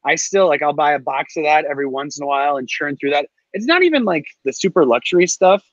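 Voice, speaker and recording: A man, a guest on a podcast, telling stories casually in an animated, filler-heavy way. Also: fairly high pitch, fast talker, dry recording, lo-fi sound. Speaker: guest, co-host of a cigar show. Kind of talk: casual chat.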